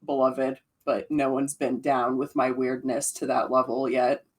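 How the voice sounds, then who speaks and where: A young woman chatting before a tabletop game in a deadpan, gleefully macabre way. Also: extremely low pitch, measured pace. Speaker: player. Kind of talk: casual pre-show chat.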